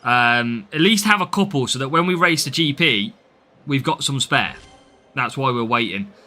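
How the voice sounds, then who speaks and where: A man's voice: medium pitch, lively intonation, moderate pace, bright, forceful tone, soft background music. A man from the English Midlands with a Midlands accent, chatting through a live game stream and answering viewers' comments as he plays.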